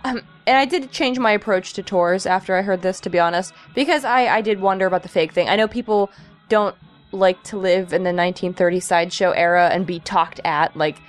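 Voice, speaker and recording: A young woman who gives house tours, talking candidly and swearing casually in a relaxed podcast chat, with music faintly behind her. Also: medium pitch, fairly quick. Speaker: house tour guide.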